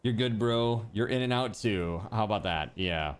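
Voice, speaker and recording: A man chatting casually with his live-stream viewers while playing a game, easygoing and quick to laugh. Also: on the low side, animated, clear, resonant tone. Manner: chatty and easygoing, laughs often, talks to chat.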